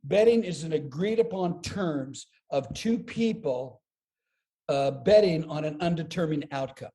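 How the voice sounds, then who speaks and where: A man's voice: a little high, unhurried. A man who is a comedian, talking on a podcast interview and telling stories with lots of energy, often repeating words as he builds up a joke. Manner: animated storyteller, repeats words as he builds jokes. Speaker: comedian guest.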